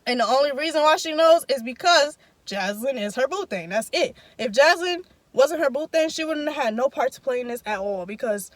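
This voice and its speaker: A woman's voice: high-pitched, expressive, fairly quick, hardly any pauses, no echo. A young woman in casual storytime, telling a story with emphatic, profanity-heavy slang. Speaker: vlogger.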